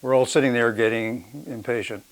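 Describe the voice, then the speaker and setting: A man telling a travel story in a documentary interview. His voice is mid-pitched and his telling is loose and casual. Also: moderate pace. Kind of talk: interview recollection.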